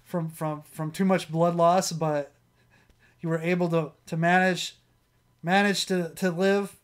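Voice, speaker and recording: Rambling streamer with a worn voice. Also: male voice, a little high, level tone, a little slow. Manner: rambling, with frequent restarts and chuckles. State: strained, worn voice. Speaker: livestream host. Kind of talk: casual chat.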